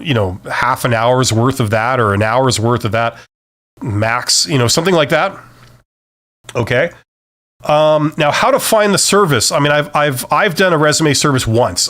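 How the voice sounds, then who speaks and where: A middle-aged man hosts a live-stream Q&A, answering viewer questions with career advice. He speaks loosely and conversationally, full of fillers and restarts, in a medium-pitched voice with a fairly bright tone.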